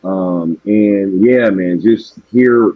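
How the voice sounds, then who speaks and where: A man's voice: low voice, drawn-out words, no echo, narrow, tinny audio. A man hosting a casual live stream, laid-back and slangy, losing his voice.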